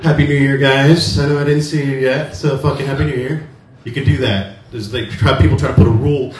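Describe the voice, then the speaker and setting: A man from Cuba hosting and doing stand-up in a comedy club, animated and slipping into high-pitched character voices. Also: brisk, hardly any pauses. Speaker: comedy show host and comedian. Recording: echoey room, distant mic, faint noise.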